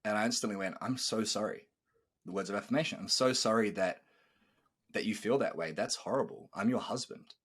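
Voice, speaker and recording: Husky animated male podcast host. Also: fairly low pitch, brisk. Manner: animated storyteller, acts out quoted dialogue, swears. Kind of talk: casual podcast chat.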